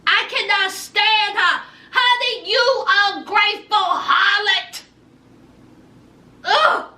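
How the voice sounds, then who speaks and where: A woman's voice: very high voice, slow pace, pushed and bright, roomy sound, distant mic. A woman giving a sassy, dramatic recap of a reality show and addressing her viewers directly.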